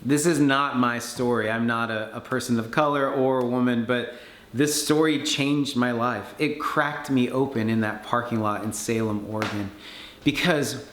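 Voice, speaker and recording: Man telling a story with animated energy. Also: medium pitch. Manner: animated storyteller, acts out quoted voices. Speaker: conference speaker. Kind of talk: storytelling talk. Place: conference hall. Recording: echoey room with faint background noise.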